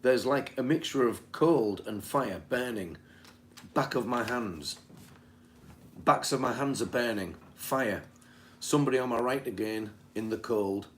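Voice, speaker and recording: A man's voice: mid-range voice, a little slow, a bit bright. A man from Britain in casual chat, reading back notes from a session in a conversational way. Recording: faint background noise.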